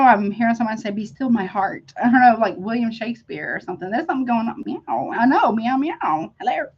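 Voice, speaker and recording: A woman's voice: fairly high pitch, slightly rough, lo-fi sound. A middle-aged woman hosting a casual live-stream tarot reading, effusive and chatty, calling her viewers honey and y'all.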